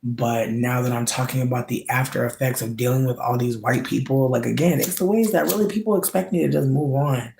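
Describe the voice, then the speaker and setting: A vlogger on a candid rant, angry and swearing heavily, voice swinging from low muttering to high, strained outbursts. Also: fairly quick, creaky, hardly any pauses, darkish tone, roomy sound, poor audio.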